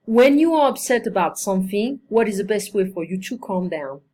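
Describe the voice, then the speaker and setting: A woman teaching English one-on-one, with a voice of ordinary height. She explains slowly and carefully and reads out example sentences to her student. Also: mid-range voice, lively intonation, darkish tone. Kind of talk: one-on-one language lesson.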